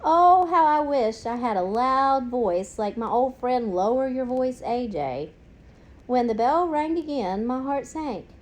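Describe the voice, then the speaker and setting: A woman reading a children's storybook aloud in an expressive, unhurried way. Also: sits high. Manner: expressive, unhurried, with gasps and sudden bursts. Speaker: narrator.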